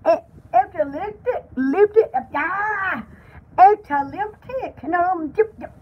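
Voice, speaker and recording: Here the woman talks slowly in a very high voice, and the recording is muffled. Her excited comic voice-over gives life to a spoiled female poodle fronting a parody home-shopping program, full of squeals, rambling and easy excitement.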